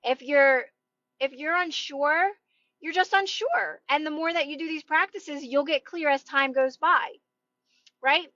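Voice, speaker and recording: A loud woman with a high voice gives emphatic, reassuring advice to her viewers in a casual live stream. The sound is dry and a little dull, like phone audio. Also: unhurried, no echo. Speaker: manifestation coach.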